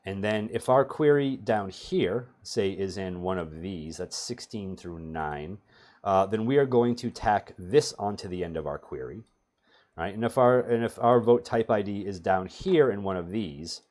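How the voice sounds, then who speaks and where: A man's voice: lowish voice, measured pace, a little mellow. A middle-aged man teaching a database tutorial over a screen share, talking casually with sardonic, self-mocking humor. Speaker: database performance trainer.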